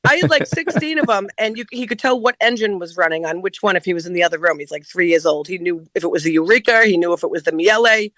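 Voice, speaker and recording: A woman from Boston in casual, animated chat, talking emphatically among friends. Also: on the low side, fast, hardly any pauses, no room sound.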